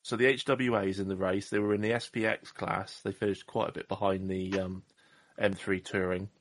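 Lowish-voiced rambling male podcast host. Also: little pitch movement, moderate pace, dry recording. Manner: rambling, self-deprecating, jokey. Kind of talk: casual chat.

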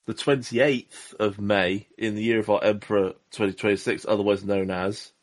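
A man's voice: lowish voice, steady tone, moderate pace, no room sound. A man from Southwest England, hosting a casual podcast chat in a rambling, jokey, self-deprecating way. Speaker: podcast host.

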